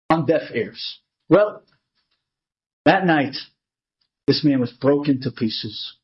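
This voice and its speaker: A man's voice: medium pitch, expressive, slow pace, long pauses. A man telling a story with lots of drama, acting out each character's lines with pleading and heated swings in his voice. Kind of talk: animated story narration. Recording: dull lo-fi recording.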